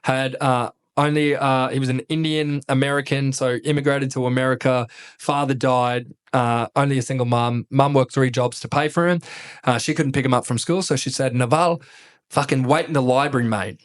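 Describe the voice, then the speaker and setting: A man's voice: medium pitch, steady tone, normal speed, clean tone. An Australian man, a former army officer, telling stories as a podcast guest in a blunt, casual way and swearing freely. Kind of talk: casual conversational storytelling.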